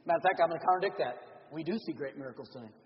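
A man preaching a revival sermon as pastor, animated, shifting between loud and hushed delivery. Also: a little high, racing. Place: church sanctuary. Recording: dull audio with long church reverb.

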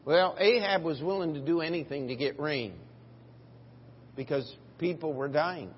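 A male pastor preaching a sermon, retelling a Bible story in a folksy, animated way and acting out the voices. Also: fairly high pitch, normal speed, a little hiss or hum. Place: church sanctuary. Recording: dull lo-fi church recording with long reverb.

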